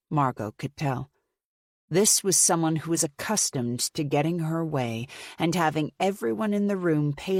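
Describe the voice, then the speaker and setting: A woman narrating a mystery audiobook in a measured, even storytelling manner. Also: low voice, dry recording, clean studio sound.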